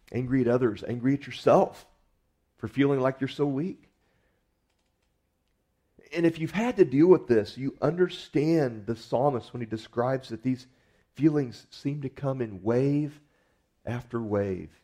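Earnest male preacher with a mellow voice. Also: mid-range voice. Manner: earnest, conversational preaching with frequent restarts. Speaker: pastor. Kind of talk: sermon.

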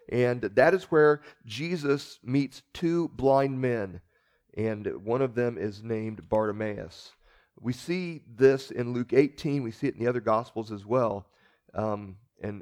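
A man giving a conversational sermon as pastor, earnest, often repeating words and checking in with listeners. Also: mid-range voice.

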